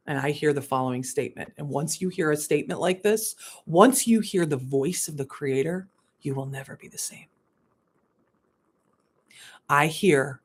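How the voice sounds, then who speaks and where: A woman spiritual coach giving a candid livestream monologue, laughing and swearing, swinging between hushed asides and emphatic bursts. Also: low-pitched, normal speed, long pauses, breathy edge.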